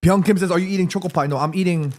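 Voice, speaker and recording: A man hosting a live watchalong stream in casual chat, excitable, reading viewer messages aloud and swearing freely. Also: high voice, rapid-fire.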